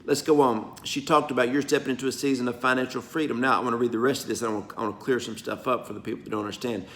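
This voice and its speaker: A man preaching an informal prophetic message, folksy and emphatic, his voice going from soft to loud. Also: mid-range voice, steady tone, very fast. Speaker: pastor. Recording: roomy echo, faint background noise.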